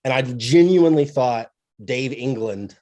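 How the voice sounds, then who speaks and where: A man's voice: mid-range voice, unhurried, a little mellow. Chatty laughing male interviewer. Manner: chatty, laughs often, self-deprecating. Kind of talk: casual video interview.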